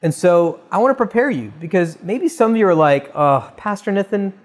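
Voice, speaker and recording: A man's voice: sits high, big pitch swings, brisk. A man, a pastor giving a conversational, earnest sermon and often calling his listeners "guys".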